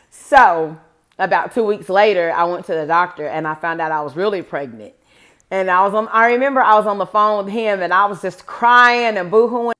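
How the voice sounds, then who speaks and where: A mid-range, fairly bright voice at a moderate pace belongs to a woman in her forties doing a storytime for her viewers. She rambles chattily through a personal story and calls her audience "guys" again and again.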